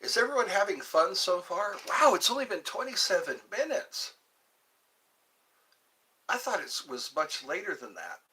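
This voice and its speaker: Lively rambling man hosting a livestream. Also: a little high, recorded from a distance. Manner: rambling, jokey, chatting with viewers. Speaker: livestream host. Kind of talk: casual livestream chat.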